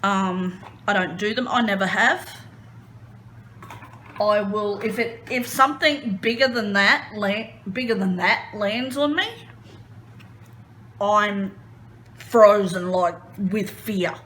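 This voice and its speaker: Slow-talking woman telling stories. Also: mid-range voice, slight background noise. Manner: expressive, animated retelling with exclamations. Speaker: crafting vlogger. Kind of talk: casual storytelling while crafting.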